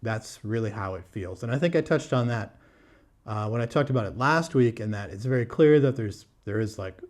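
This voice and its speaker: A man's voice: lowish voice, lively intonation, normal speed, a little mellow. A man talking casually to camera as a book vlogger, candid and blunt, with frequent fillers, restarts and wry laughs. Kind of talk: casual book review talk.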